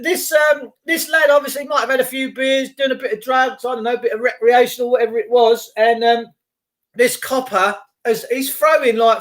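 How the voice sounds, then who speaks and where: A middle-aged man rambling on a morning livestream, greeting viewers by name and swearing casually. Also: extremely high pitch. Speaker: livestream host.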